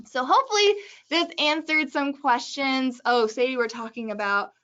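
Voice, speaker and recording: A woman hosting a casual webinar, giving brisk, joking advice in a chatty way. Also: high voice, a bit bright, dull audio. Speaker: webinar host.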